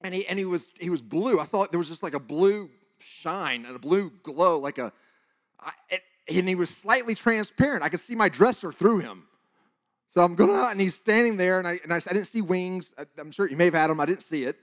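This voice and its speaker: Male preacher, fairly high voice, animated testimony storytelling, halting restarts, sudden hushed drops. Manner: animated, halting with many restarts, dropping to a hush at tense moments.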